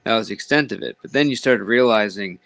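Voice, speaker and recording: A man's voice: lowish voice, fast, vocal fry, a bit bright, low-quality recording. A man hosting a casual comedy podcast, telling crude, rambling anecdotes and laughing often. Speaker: podcast host.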